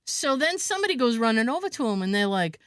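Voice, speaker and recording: She talks fast in a clean tone with no echo, co-hosting a podcast and telling a story casually. Animated and quick to laugh, she performs the quotes with large leaps in her voice.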